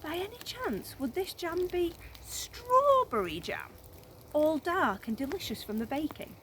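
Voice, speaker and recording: A woman voicing a sly, smooth-talking male crocodile who speaks slowly and coaxingly in a storybook reading. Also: extremely high pitch, big pitch swings, fairly bright tone, a little hiss or hum, voice pushed up, full character voice. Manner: slow, coaxing, drawn-out.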